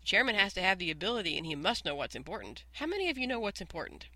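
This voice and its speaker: A reader voicing a tiny, brisk male mouse who is standing in as a substitute teacher, bossy and crisp and quick to dismiss. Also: mid-range voice, sing-song, bright, forceful tone, dry recording, heavily acted. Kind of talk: audiobook character voice.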